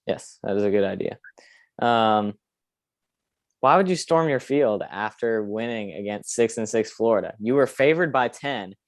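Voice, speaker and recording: Man, young adult, low-pitched, dry sound, podcast host, opinionated, rambling, filler words. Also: moderate pace, no room sound. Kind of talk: casual sports podcast chat.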